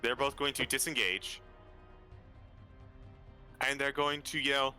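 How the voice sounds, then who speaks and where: A man's voice: mid-range voice, steady tone, takes it slowly, long pauses, bright, forceful tone, smooth, soft background music. A man running a tabletop game as dungeon master over a voice call, casually calling out rolls and enemy moves.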